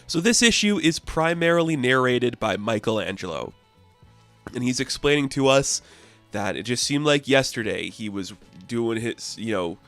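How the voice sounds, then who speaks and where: A man talking through a comic book review in an enthusiastic, chatty way, with quick plot recaps. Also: fairly low pitch, a bit bright, dry recording.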